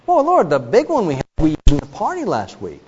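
A man putting on a sheepish farmer who makes excuses for his poor gifts. The voice rises high and apologetic. It is heard through a long, echoing hall reverb on a dull recording. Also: wildly swooping pitch, a little fast, darkish tone, slightly rough, heavily acted. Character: Cain as a sheepish excuse-making male farmer.

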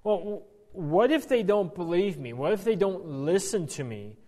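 A man acts out an anxious, reluctant man who stammers and pleads, his voice pitched a touch high. The excuses tumble out in a flustered rush. A long hall reverb trails behind him. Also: animated, moderate pace, warm tone. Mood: pleading.

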